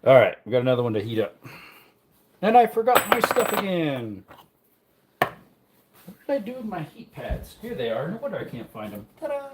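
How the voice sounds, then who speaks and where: A man's voice: mid-range voice, sing-song, moderate pace, long pauses, noisy background. Mumbling man chatting on a livestream. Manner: mumbling, joking asides to chat. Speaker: livestream host. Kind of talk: casual livestream chat while reloading ammunition.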